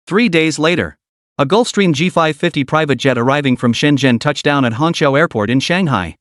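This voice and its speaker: A male narrator reads a scripted story recap in a fairly high voice. His delivery is dramatic yet steady. The sound is close and dry, with no room around it. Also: a little fast, dry recording.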